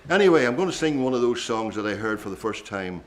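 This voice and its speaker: At a traditional singing session, an older man fills the gaps between songs with relaxed, rambling stories and chatty asides. He talks at a quick pace in a medium-pitched voice with big swings in pitch.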